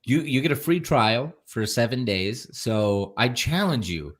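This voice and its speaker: A man in his thirties telling a story in a relaxed, casual chat, laughing easily and often restarting his sentences. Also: medium pitch, a little slow. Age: 30s. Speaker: show co-host.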